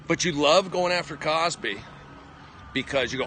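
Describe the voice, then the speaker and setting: Combative ranting man, bright voice. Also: lively intonation, normal speed, a little hiss or hum. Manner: combative, jumpy pitch, ranting. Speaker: comedian livestreaming. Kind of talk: rambling live stream monologue. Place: outdoors on a city walk. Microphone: phone at arm's length.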